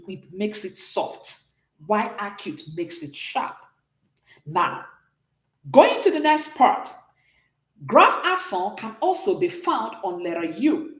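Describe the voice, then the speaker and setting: Slow, patient woman teaching French. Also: mid-range voice, reverberant. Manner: patient, explanatory, checks in with "okay?" often. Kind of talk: online class lesson.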